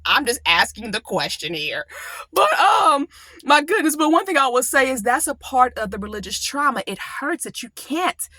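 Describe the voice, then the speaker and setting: A woman hosting her own channel, talking casually and animatedly, often breaking into high laughing exclamations. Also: very animated, moderate pace, pushed and bright, dry recording. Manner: dialect touches in her speech. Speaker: coach and channel host. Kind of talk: casual monologue.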